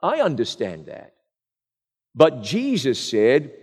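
Middle-aged male preacher, earnest rhetorical sermon, slightly high voice, long hall echo. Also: normal speed. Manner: rhetorical, earnest, direct address.

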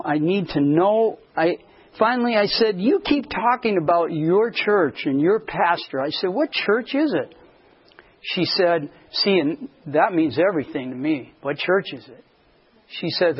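A man preaching as a pastor, telling a story and acting out the dialogue with lively shifts in voice. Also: on the high side, breathy edge. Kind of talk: sermon storytelling. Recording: dull lo-fi sound.

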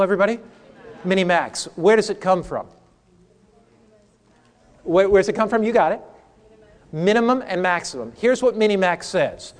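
A man, a pastor, teaching a sermon class and asking the audience questions. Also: high voice. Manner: animated, asks the audience questions. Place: hall with a live audience.

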